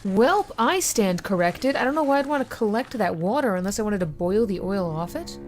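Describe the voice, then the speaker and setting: A woman's voice: mid-range voice, expressive, normal speed, a little mellow, soft background music. A woman playing through a horror game, reading its text aloud and reacting casually, often swearing or saying she is grossed out. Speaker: gaming video host.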